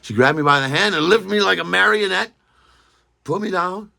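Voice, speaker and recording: Gravelly man telling a rambling story. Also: high-pitched, sharp tone. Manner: rambling, halting, repeats words. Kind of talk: personal anecdote told casually.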